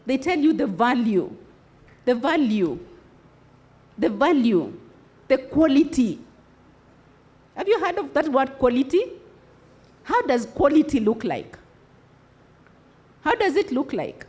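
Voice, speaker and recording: A woman addresses young students at a conference. Her voice sits high and swings widely in pitch. She keeps asking the room questions and prompting them to answer back with conviction. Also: big pitch swings, slow, long pauses, darkish tone. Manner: rhetorical questions, call-and-response with audience. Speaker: conference speaker. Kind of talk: motivational speech to students.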